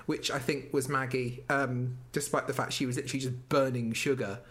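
A man's voice: a little high, quick pace, hardly any pauses. A man co-hosting a podcast, telling stories in casual chat, acting out quotes and laughing. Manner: animated storyteller, acts out quotes, laughs. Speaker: podcast co-host. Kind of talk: casual chat recapping a TV show.

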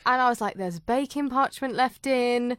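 A woman's voice: fairly high pitch, normal speed, a bit bright, no echo. A woman hosting a podcast, chatting casually, laughing often and acting out what people said. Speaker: podcast host. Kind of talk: casual chat.

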